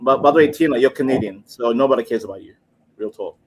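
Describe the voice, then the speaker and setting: A man's voice: mid-range voice, quick pace, slightly rough. A man chatting as a panelist on a live stream, rowdy and repetitive, often trailing off into a mumble. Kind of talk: casual live-stream chat.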